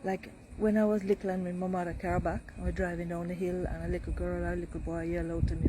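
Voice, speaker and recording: A woman's voice: lowish voice, flat delivery, fast talker, few pauses, background noise. A woman with a Jamaican accent, from Jamaica, casually telling stories about growing up there. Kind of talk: casual storytelling.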